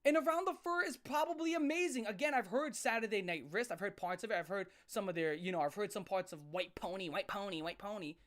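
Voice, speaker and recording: A woman's voice: medium pitch, fast, few pauses. A woman ranting on a live stream about music, blunt and emphatic, often repeating herself and restarting her sentences. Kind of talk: profane live rant.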